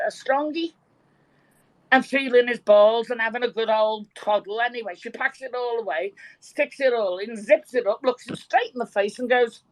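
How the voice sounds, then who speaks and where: A woman telling a joke with lively, animated delivery and some swearing in a casual online chat. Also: on the high side, low-quality recording. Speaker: participant in an online audio chat room.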